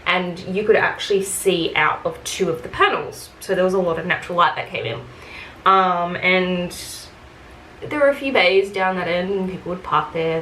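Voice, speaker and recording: Chatty woman with a gravelly fry. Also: mid-range voice, a bit bright. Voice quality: chatty, full of "like" and "um" fillers. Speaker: beauty vlogger. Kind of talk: casual storytelling rant while doing makeup. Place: room at home, doing makeup. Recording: echoey room, faint background hiss.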